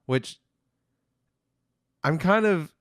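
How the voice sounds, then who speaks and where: Speaking very slowly, this co-host has a fairly high, clean voice on a dry recording with clean studio sound. He rambles casually through the plot of an episode for a review podcast, peppering it with fillers and repeating characters' words flatly.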